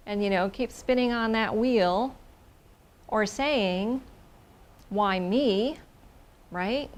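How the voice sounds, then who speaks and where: A woman's voice: mid-range voice, very slow, long pauses. Effusive woman telling a personal story. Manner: expressive, effusive, repeats words for emphasis, drops into whispers.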